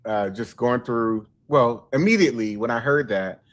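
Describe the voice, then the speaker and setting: A man hosting a livestream discussion, speaking in a deliberate, analytical way with clinical wording, heard over a video call. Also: mid-range voice. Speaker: host and author.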